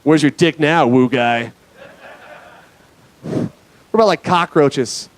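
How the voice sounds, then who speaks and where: A young man from Nevada doing a stand-up comedy set on a club stage, mostly deadpan with sudden loud bursts. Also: a little high, takes it slowly.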